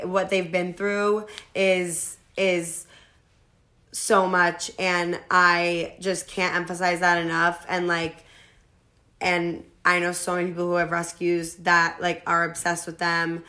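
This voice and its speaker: A woman's voice: fairly low pitch, completely flat delivery, slow, pushed and bright. A young woman talking as a guest in a casual, heartfelt chat, with lots of "like" fillers. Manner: heartfelt, says "like" a lot.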